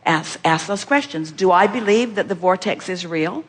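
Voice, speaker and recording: A woman's voice: on the low side, moderate pace. A woman teaching at a live seminar, answering an audience member's questions. She repeats key phrases and acts out the thoughts she quotes.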